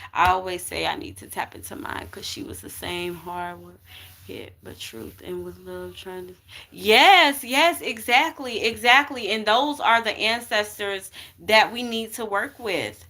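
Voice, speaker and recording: Bright-voiced woman giving a chatty reading. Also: mid-range voice, measured pace. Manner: chatty, emphatic, keeps saying okay and y'all. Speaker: spiritual card reader. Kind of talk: casual spiritual reading to viewers.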